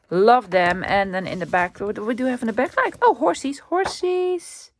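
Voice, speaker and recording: Lady chatting about her thrift finds, gets excited, lots of ums and repeats, middle pitch. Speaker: vlogger showing a thrift haul. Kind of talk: casual chat.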